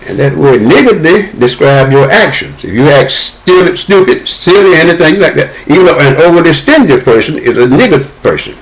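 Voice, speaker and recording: Older man as interview guest; expressive, swooping delivery, spins a childhood yarn. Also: fairly high pitch, moderate pace, few pauses, poor audio. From Southern United States. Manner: animated, acts out the dialogue in his story. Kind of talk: storytelling about his childhood.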